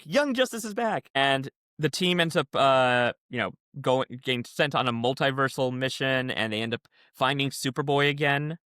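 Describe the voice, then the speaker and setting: Man, podcast co-host, smooth resonant voice, dry close sound, rambling explanations. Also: mid-range voice, pushed and bright, dry recording. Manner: rambling, explains comic continuity at length. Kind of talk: casual chat.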